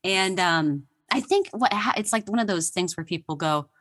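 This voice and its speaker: A woman's voice: mid-range voice, animated, normal speed, a bit bright. A woman guest on a podcast, telling history stories with enthusiasm and laughing often. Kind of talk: casual interview chat.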